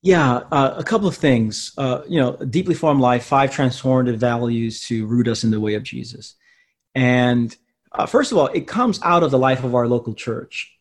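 Male pastor-author, measured, reflective interview guest. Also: medium pitch. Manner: measured, thoughtful, with fillers.

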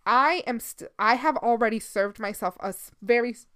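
A woman's voice: a little high, moderate pace, a bit bright, clean tone. A woman in her thirties hosting a casual solo podcast, talking candidly and swearing freely, slipping into the odd Spanish phrase, a little sleepy. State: sleepy, yawning. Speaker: podcast host.

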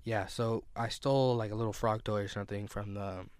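A man's voice: fairly low pitch, fairly even intonation, brisk, darkish tone, no room sound. A young man co-hosting a podcast in casual chat, rambling with lots of fillers and restarts. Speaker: podcast co-host.

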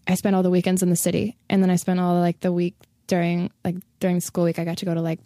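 A young woman from the Chicago area talking casually as a guest, full of "like" fillers and quick laughs. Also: lowish voice, completely flat delivery, mellow, dry recording, studio quality. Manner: chatty, lots of "like" fillers, laughs easily. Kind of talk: casual conversation.

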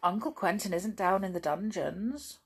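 A woman's voice: mid-range voice, lively intonation, normal speed, slightly rough. A woman reading a cheerful sensible boy. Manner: confident and cheerful.

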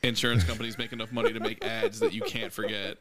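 A man co-hosting a podcast in casual chat, animated, laughing often and swearing freely. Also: mid-range voice, fast talker, a crowd in the background. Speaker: podcast co-host.

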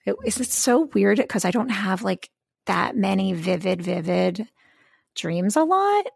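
A woman's voice: medium pitch, animated, a little slow, gravelly, husky, no echo, studio quality. A woman co-hosting a podcast in casual, rambling chat, full of fillers and restarts. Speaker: podcast co-host.

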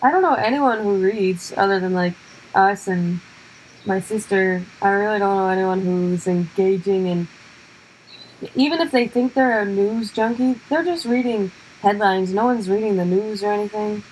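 A young woman comedian co-hosting a podcast, ranting emphatically in casual chat and chiming in with quick agreement. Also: medium pitch, darkish tone, a little hiss or hum, rough recording.

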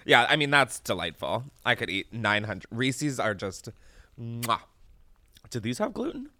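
A man hosting a podcast in casual chat, animated and chatty, swearing freely and laughing often. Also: medium pitch, measured pace, no echo. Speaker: podcast host. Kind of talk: casual chat, candy taste test.

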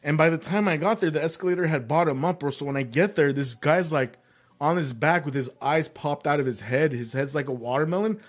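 This young man, a guest comedian, spins a story during a relaxed chat with a brisk delivery and a fairly high pitch. Animated throughout, he leans on "bro" and "like" nearly every sentence.

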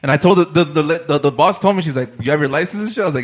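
A man's voice: on the high side, rapid-fire. A young man telling a rambling story in casual chat with friends, full of swearing, fillers and laughter.

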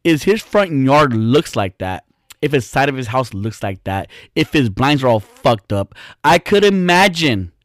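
A man telling a casual, profane story with an animated, exaggerated sense of disgust. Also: mid-range voice, measured pace, dry recording, clean studio sound.

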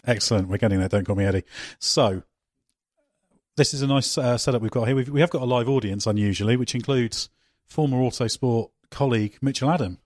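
A man's voice: mid-range voice, brisk, a little mellow, no room sound, studio quality. A man hosting a motorsport podcast in a casual, jokey way, often restarting his sentences. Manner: jokey, teasing, frequent restarts. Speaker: podcast host.

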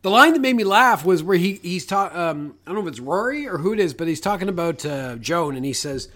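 A man co-hosting a podcast in casual chat, animated and jokey, with free swearing. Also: high-pitched, brisk, few pauses. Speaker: podcast co-host.

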